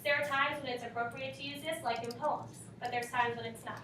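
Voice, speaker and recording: A woman's voice: sits high, fairly even intonation, a little fast, bright, forceful tone, a little hiss or hum. A woman teaching a class, reading and questioning her students, prompting them for answers. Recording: echoey classroom from far off.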